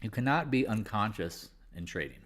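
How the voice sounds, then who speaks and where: A man's voice: on the low side, big pitch swings, moderate pace, a bit bright, a little hiss or hum. A man hosting a live market chat, talking candidly and rambling, with casual swearing. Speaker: livestream trading host.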